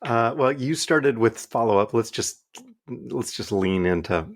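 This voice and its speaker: A man's voice: mid-range voice, expressive, a little slow. A man co-hosting a casual podcast who answers with short, dry, wry quips. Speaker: podcast co-host. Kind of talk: casual chat.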